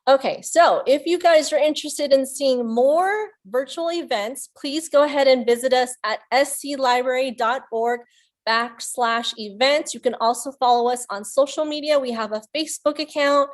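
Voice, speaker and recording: A woman's voice: high voice, normal speed. A young woman, a youth librarian, hosting a virtual children's story time in an upbeat manner, speaking to young kids over a computer mic.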